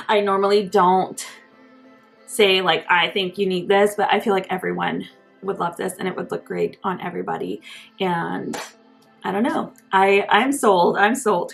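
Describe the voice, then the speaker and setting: Gushing young woman with vocal fry. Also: mid-range voice. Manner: gushing and enthusiastic. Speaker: beauty vlogger. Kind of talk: casual makeup review.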